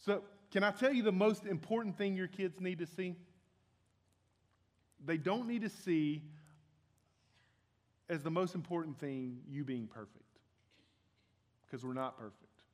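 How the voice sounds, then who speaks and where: A man's voice: sits high, unhurried, long pauses. A young man preaching a sermon as pastor, earnest and conversational, often restarting his sentences. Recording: long hall reverb.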